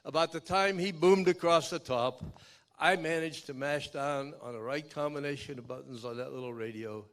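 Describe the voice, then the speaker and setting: An older man giving a keynote speech, telling a dramatic personal story in a folksy way that swings from loud to hushed. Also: a little high, moderate pace. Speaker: keynote speaker. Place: outdoor memorial event.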